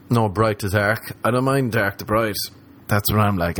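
An Irish man with a lowish voice and normal speed tells a comic story in a casual way. He is animated, swears heavily, and acts out the voices of the people in the tale.

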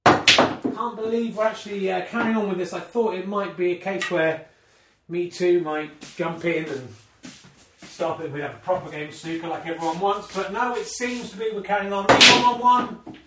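A man's voice: high voice, normal speed, bright, forceful tone, a little hiss or hum. A man commentating on a snooker game he plays against himself, in a mock sports commentary style with dry, self-mocking asides. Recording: roomy sound from a distant omni mic.

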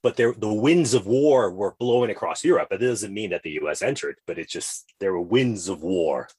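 A man's voice: lowish voice, animated, normal speed, a little mellow, slightly rough. A man co-hosting a podcast, chatting casually and rambling from tangent to tangent in a playful way. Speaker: podcast co-host.

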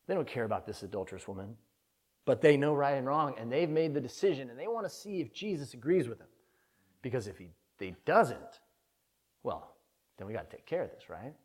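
A man's voice: mid-range voice, big pitch swings, brisk, husky. A man preaching a conversational sermon, telling a personal story in an earnest, candid way that swells with feeling.

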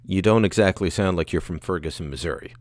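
A man's voice: deep voice, fast talker, a little mellow, no echo, studio quality. A man hosting a podcast interview, asking pointed questions in a conversational way. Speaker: podcast host.

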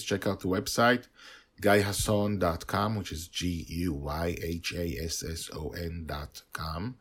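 A man reading his own serialized fantasy story in an expressive storybook narration. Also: deep voice. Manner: expressive, rising and falling for emphasis.

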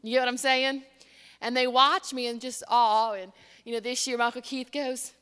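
An older woman delivers a sermon as a conversational story, slipping into the voices of the people she quotes. Her voice sits a little high and sounds bright. It carries a long reverb, as if spoken in a large hall. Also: little pitch movement, moderate pace, clear, resonant tone. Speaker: pastor.

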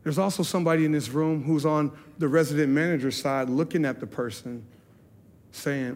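Pastor, male, somewhat high voice, sincere personal testimony from the pulpit. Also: moderate pace, a little mellow. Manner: earnest, confessional storytelling. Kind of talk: sermon testimony. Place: church service.

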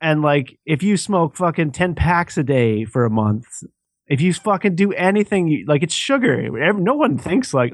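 A man's voice: fairly high pitch, sing-song, normal speed, no echo, studio quality. Sarcastic ranting podcast guy. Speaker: podcast co-host. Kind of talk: casual chat.

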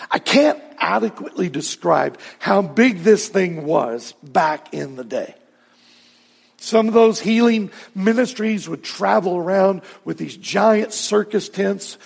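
Gravelly high-voiced pastor preaching. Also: male voice, big-room sound. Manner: earnest, rising to emphatic peaks. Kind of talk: sermon.

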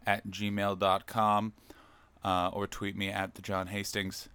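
Rambling jokey man, smooth dry voice. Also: lowish voice, moderate pace, no echo. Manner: rambling, jokey, loud bursts of excitement. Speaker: podcast host. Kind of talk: solo comedic podcast monologue.

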